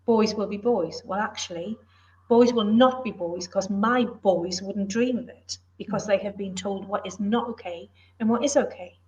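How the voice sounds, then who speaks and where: A woman's voice: mid-range voice, normal speed, darkish tone. Earnest middle-aged woman, dull audio. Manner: earnest, emphatic, plain-spoken. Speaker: author and former police officer, guest. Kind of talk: casual interview chat.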